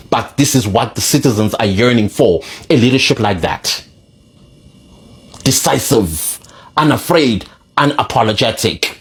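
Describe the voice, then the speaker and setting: A man talking straight to his viewers in a casual vlog, heated and pleading. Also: lowish voice. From South Africa. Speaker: vlogger. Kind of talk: casual opinion monologue to camera.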